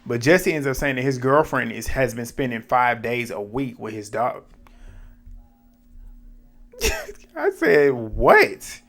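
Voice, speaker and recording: In a mid-range voice, a man recaps reality TV casually, reacting in a blunt, animated way as he swears and laughs at what happened. He speaks unhurriedly and pauses often.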